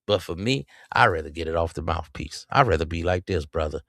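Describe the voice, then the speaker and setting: A man hosting a podcast, giving preachy, mocking commentary and jumping up in pitch to taunt. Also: expressive, fairly quick, gravelly, a bit bright, no echo, studio quality. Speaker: podcast host. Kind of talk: reacting to clips with commentary.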